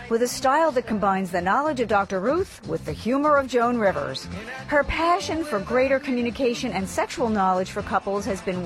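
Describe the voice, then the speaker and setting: A woman hosting a radio talk show, chatty and playful and quick to laugh. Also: mid-range voice. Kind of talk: casual radio chat.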